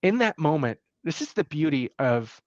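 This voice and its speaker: Halting, emotional man with a raised voice. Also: fairly high pitch, sing-song, no room sound, highs cut off. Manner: halting and emotional, many fillers and restarts. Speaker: podcast guest. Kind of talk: personal storytelling in a podcast interview.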